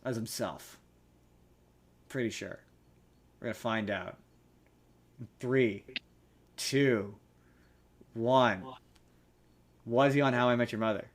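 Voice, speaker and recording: A man's voice: medium pitch, slow pace, pauses often. A man hosting a casual podcast chat, chatty, teasing and rambling. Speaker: podcast host.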